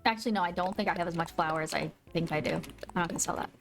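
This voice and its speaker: A woman's voice: on the low side, very fast, vocal fry, noisy background. A woman live-streaming a video game, chatting casually with viewers and gushing over her pets. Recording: faint music behind.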